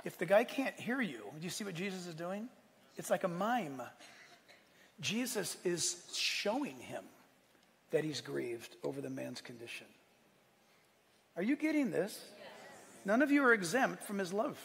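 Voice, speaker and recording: Man, pastor, animated sermon, high voice, long hall reverb. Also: measured pace, creaky, pauses often. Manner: animated preaching, acts out quotes, asks the room.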